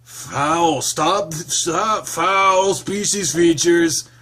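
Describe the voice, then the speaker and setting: A man's voice: on the high side, expressive, a little slow, bright, forceful tone, breathy edge, voice pushed up, exaggerated voice. A man doing a prissy, scolding lynx. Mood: prissy indignant. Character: prim, cheerful short male lynx.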